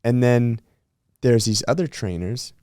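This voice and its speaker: A man's voice: medium pitch, unhurried, clean tone, dry recording, studio quality. A man hosting a podcast, chatting candidly and telling stories with plenty of swearing. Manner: candid, swears freely, animated storytelling. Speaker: podcast host. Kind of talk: casual podcast conversation.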